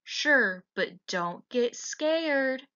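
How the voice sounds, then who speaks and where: A woman's voice: high voice, animated, drawn-out words, pushed and bright, clean tone, pitched above the performer's own voice, heavily acted. Woman doing Cynthia, a snappy girl monster. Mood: snappish. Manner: snappish, sniffy. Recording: dull lo-fi recording.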